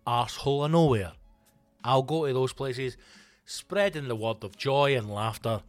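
A middle-aged Scottish man and comedy podcast host, ranting in a loose, sweary, animated monologue. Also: mid-range voice, moderate pace, dry recording, soft background music. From Scotland.

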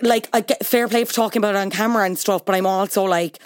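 A woman's voice: mid-range voice, fairly even intonation, fast, clean tone, no echo, clean studio sound. A young adult woman, chatting on a podcast in a frank, opinionated way with blunt asides. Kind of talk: casual podcast chat.

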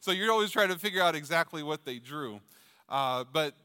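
A man's voice: a little high, lively intonation, brisk, bright, forceful tone, clear, resonant tone. A middle-aged man preaching a sermon as pastor, chatty and jokey, asking the congregation questions. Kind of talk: sermon with jokes. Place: church sanctuary with long reverb. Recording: long hall reverb from a church.

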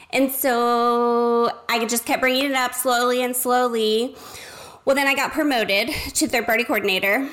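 A woman telling her surrogacy story in conversation, quick and expressive, acting out the lines of the people in it. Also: fairly high pitch. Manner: quick, expressive, acts out quoted dialogue.

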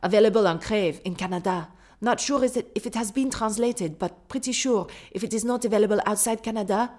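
A woman's voice: medium pitch, brisk, darkish tone, lightly acted. A woman voicing a French-speaking listener reading out her own letter, in a put-on French accent with careful, earnest delivery.

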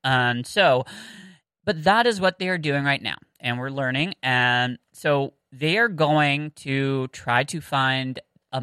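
A woman's voice: a bass voice, a bit bright, smooth, no room sound, low-quality recording. A Southern American woman co-hosting a casual book-discussion podcast, chatty and giggly with lots of fillers and restarts. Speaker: podcast co-host.

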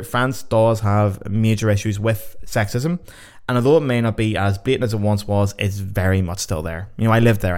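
Buzzing on sugar, a man hosting a podcast runs through a countdown of results as if it were a game show, swearing, joking, and getting excited.

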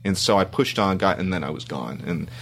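Deep-voiced man chatting with many ums. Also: a little fast, a bit bright, faint music behind. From Canada. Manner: rambling with many ums and restarts. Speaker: guest screenwriter. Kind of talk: casual interview chat.

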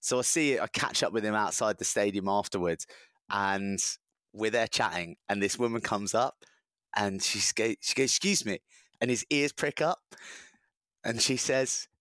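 A man co-hosting a casual rugby podcast, telling lively anecdotes and laughing often. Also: fairly low pitch, moderate pace, no echo. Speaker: podcast co-host. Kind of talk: casual rugby chat and storytelling.

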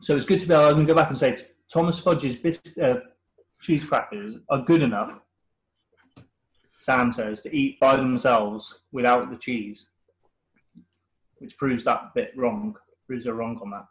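A man's voice: medium pitch, measured pace, long pauses, poor audio. A man with a West Country English accent, co-hosting a casual podcast chat, teasing and laughing often. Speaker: podcast co-host.

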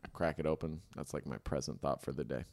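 This is a man co-hosting a comedy podcast, speaking in a bass voice that is quick, creaky and a little mellow. He rambles through casual banter, sprinkling in "like" and "you know."

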